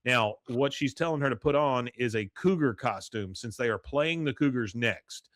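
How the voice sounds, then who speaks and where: A man hosts a podcast and recaps a cartoon episode in a loose, rambling way, full of "uh" and "um". He sits close to a dry mic with no room sound. His voice sits at an ordinary pitch. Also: normal speed, fairly bright tone, dry recording. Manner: rambling, many fillers, reads quotes aloud. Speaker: podcast host.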